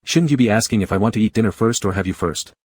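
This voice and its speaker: A bold young man coaxing his lover in a hushed, teasing way, as a male narrator reads him. The voice sits low with a husky grain. The storybook read is dry and close, with no room around it. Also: fast, no echo.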